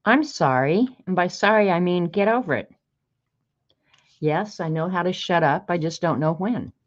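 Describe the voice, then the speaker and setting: Low-voiced woman chatting on a livestream. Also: expressive, normal speed. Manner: chatty, greets viewers by name, reads snarky sayings aloud. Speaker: art livestream host. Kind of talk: casual livestream chat. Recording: dull lo-fi stream audio.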